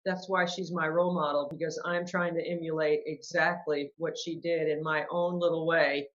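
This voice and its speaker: A woman's voice: low-pitched, flat delivery, moderate pace. Woman host, enthusiastic, encouraging, dull lo-fi recording. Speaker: podcast host. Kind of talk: casual interview.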